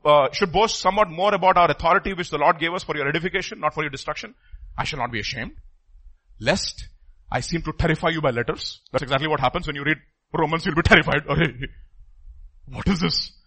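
A pastor preaching a sermon emphatically, his voice swinging from loud outbursts to hushed asides. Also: a little high, fast talker.

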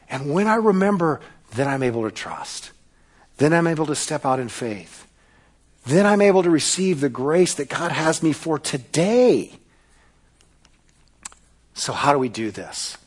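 A man preaching a sermon as pastor, emphatic and repeating key words, swinging from loud to hushed. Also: a little high, breathy edge.

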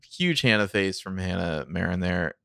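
A man with a very deep voice retelling a TV episode on a recap podcast. He talks in a relaxed, wry way, full of "like" and small laughs. The sound is close and dry. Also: normal speed, vocal fry, smooth, no room sound. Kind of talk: casual chat, narrating scenes.

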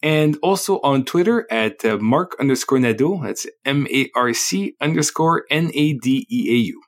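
A man co-hosting a film podcast, slowly and carefully spelling out where listeners can find him. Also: medium pitch, expressive. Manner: slow, careful spelling out of handles. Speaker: podcast co-host. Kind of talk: casual podcast chat.

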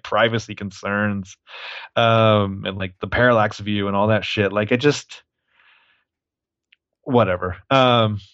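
A man co-hosting a movie podcast, rambling along in a crude, wry way. His voice sits a bit low, and the recording is dry and somewhat dull, with the highs rolled off. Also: no room sound. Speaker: podcast co-host. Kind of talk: casual movie review chat.

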